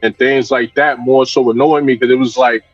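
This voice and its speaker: A man's voice: medium pitch, steady tone, normal speed, dry recording, soft background music. A man, a hip hop and R&B artist, talking candidly and reflectively as a guest in a casual interview, often restarting his sentences. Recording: dull lo-fi dry sound.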